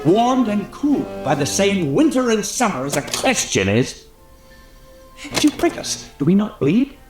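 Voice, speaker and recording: An impassioned stage speech. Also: male voice, high voice, sing-song, measured pace, echoey room, over music. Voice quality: declamatory, swelling and dropping. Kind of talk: theatrical monologue from a film.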